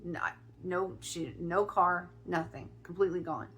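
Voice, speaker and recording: A middle-aged woman from Ohio telling a personal story in a chatty vlog, often restarting her sentences and filling pauses. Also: lowish voice, a bit bright, slight background noise. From Ohio, USA. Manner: chatty, with many restarts and fillers. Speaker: spiritual vlogger.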